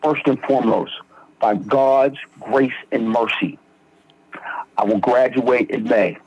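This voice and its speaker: A young man from Philadelphia tells his recovery story as a podcast guest. His voice is husky and mid-pitched, and he acts out the people he quotes. The recording sounds dull and lo-fi. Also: slow pace. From Philadelphia, Pennsylvania.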